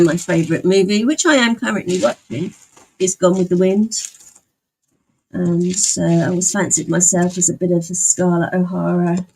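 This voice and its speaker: A woman's voice: on the low side, a little mellow, low-quality recording. A young woman streamer in casual chat, talking with her viewers and answering their comments as she goes. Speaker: livestreamer.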